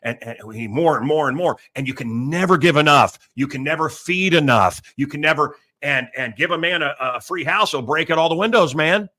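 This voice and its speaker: A middle-aged American man hosting a talk show, ranting loudly and crudely in a rambling, blustery way. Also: a little high, a little fast, few pauses. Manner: loud, blustery and crude, with mocking put-on voices. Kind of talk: rambling political rant.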